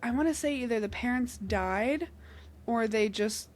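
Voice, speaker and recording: A woman's voice: on the high side, a little slow. A young woman from New Jersey with a noticeable New Jersey accent, chatting as a podcast co-host. She is talkative and giggly, and she slips into little performances whenever she quotes someone. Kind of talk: casual chat.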